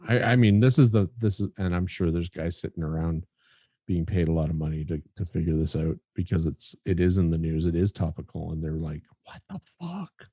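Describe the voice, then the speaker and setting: A man's voice: low-pitched, fairly even intonation, a little fast, warm tone, no echo. A man co-hosting a podcast in casual chat, joking and rambling with casual swearing. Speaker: podcast co-host.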